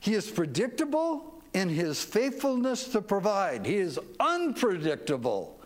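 Brief: male pastor, sermon, folksy, slow and very expressive delivery. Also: high-pitched. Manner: folksy, asks the congregation to repeat after him.

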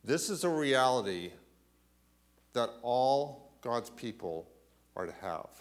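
A man preaching a sermon, asking rhetorical questions and often clearing his throat. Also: medium pitch, sing-song, slow. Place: church.

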